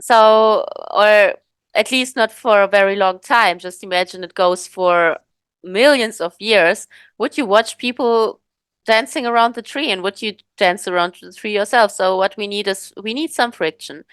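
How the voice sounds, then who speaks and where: A woman's voice: medium pitch, a little slow, fairly bright tone, clean tone, no echo. A woman co-hosting a podcast in casual chat, thoughtful and rambling, with many fillers and restarts. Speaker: podcast co-host.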